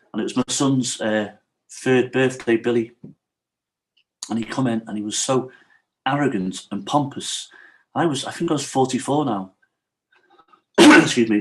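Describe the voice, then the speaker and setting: A man's voice: medium pitch, low-quality recording. A middle-aged man, a podcast guest telling his life story candidly and vividly, acting out what others said and often checking in with "right?". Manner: animated storyteller, acts out quotes, often asks "right?".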